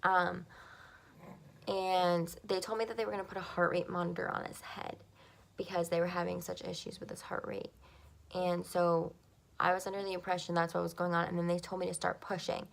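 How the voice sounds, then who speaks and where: A young woman talks straight to the camera and tells her own story, full of "like" and "um" and clearly emotional. Her voice sits a little low and carries a heavy gravelly fry. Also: level tone, moderate pace. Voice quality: gravelly creak. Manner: emotional, frequent "like" and "um" fillers. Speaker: vlogger.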